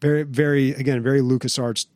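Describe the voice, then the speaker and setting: A man's voice: medium pitch, little pitch movement, fast, a little mellow, no echo. A man co-hosting a podcast, chatting casually about games and movies, rambling and trailing off mid-thought. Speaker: podcast co-host.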